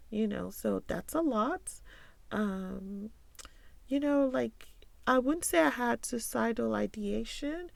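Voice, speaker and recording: A woman podcaster speaks in an earnest, confiding monologue, her voice full of deep vocal fry. The sound is dry and close, with almost no room around it. She keeps checking in with her listeners as she talks. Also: dry recording. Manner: earnest and confiding, often asks "right?" and "you know". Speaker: podcast host.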